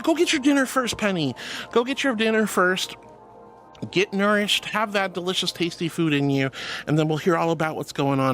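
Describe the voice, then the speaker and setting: A woman streamer in casual live-stream chat, giggly and bubbly as she reads chat messages aloud. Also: on the low side.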